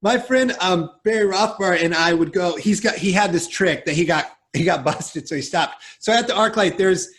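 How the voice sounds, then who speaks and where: A man in his thirties hosting a podcast, chatty and quick to react with short interjections. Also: sits high, a bit bright. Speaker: podcast host. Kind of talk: casual podcast chat.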